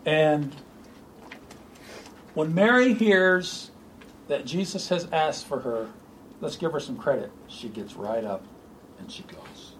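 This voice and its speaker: A man preaching an informal sermon to a small group, animated and joking. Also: a little high, slow, long pauses, a little hiss or hum, poor audio. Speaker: pastor.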